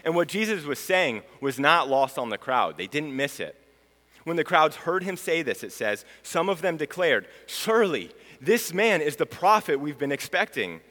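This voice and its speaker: A man preaches a sermon with a bright, forceful voice. His pitch moves a lot, and he swings from ringing proclamation to quiet, solemn lines. The sound carries a long hall reverb. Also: big pitch swings, normal speed. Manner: dramatic, swings from loud proclamation to hushed. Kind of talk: sermon teaching.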